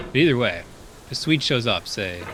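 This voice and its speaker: A man's voice: mid-range voice, a bit bright, a little hiss or hum. A man streaming a game and chatting casually, rambling with lots of fillers and frequent laughs.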